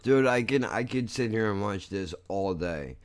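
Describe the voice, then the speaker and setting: A man hosting a podcast, chatting casually and excitably with lots of swearing and laughter as he reacts to clips. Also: fairly low pitch, moderate pace. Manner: excitable, profane, laughs often. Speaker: podcast host.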